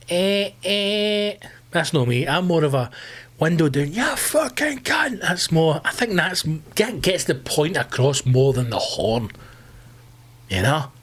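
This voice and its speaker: Scottish male podcast host, loud, profane, ranting delivery. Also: on the high side. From Scotland. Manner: loud, sweary ranting, bursts into screamed outbursts. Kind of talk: solo comedy podcast rant.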